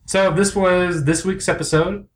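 Brief: young male podcast co-host, dry and sarcastic, fairly high voice. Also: a little slow, slight background noise. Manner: sarcastic, deadpan asides. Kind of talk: casual comedy chat.

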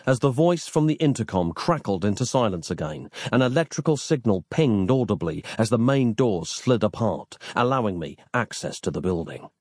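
A man reads a comic story aloud in a wry, deadpan way, letting his pitch rise and fall in lively swoops. The recording is close and dry, with no room sound. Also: moderate pace, few pauses, no room sound. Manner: wry, deadpan, elaborate phrasing. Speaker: narrator. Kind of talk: scripted comic story narration.

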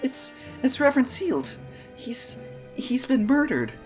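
A man's voice: very high voice, very animated, slow pace, faint music behind, pitched above the performer's own voice, heavily acted. A man doing a scared, breathless elf boy. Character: young high elf boy, frightened and breathless.

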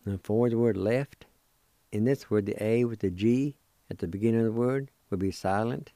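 A man with a Cherokee accent teaching vocabulary on a radio show, spelling and pronouncing each word slowly and deliberately, syllable by syllable. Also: fairly low pitch, warm tone, dry recording, studio quality. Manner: slow, deliberate, drawn-out syllables. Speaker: language teacher.

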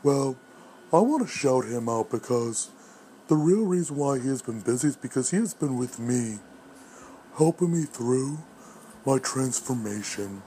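Man playing weekend alter ego, mellow low tone, mock-earnest, faint hiss behind. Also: expressive, measured pace, close to an everyday voice. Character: man's laid-back weekend alter ego.

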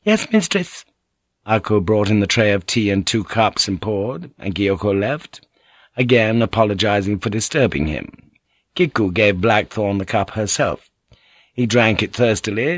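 A man's voice: fairly low pitch, no room sound. Man narrating an audiobook, dry close sound. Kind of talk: scripted narration.

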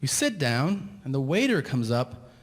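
On a theater stage in front of a laughing crowd, a stand-up comedian tells a long story into a live mic, exasperated and profane, acting out the people in it. His voice is medium-pitched, sing-song and a little slow. The live hall gives long reverb and faint noise.

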